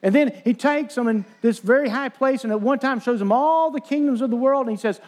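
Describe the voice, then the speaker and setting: Earnest male preacher, higher voice, retells scripture and voices the mockers. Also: expressive, quick pace, hardly any pauses, darkish tone. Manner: earnest preaching, quoting scripture, acting out taunts. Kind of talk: sermon.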